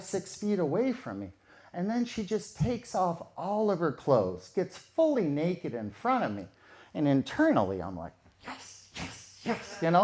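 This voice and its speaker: A man telling a true story in a casual, conversational way, repeating phrases for effect. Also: sits high.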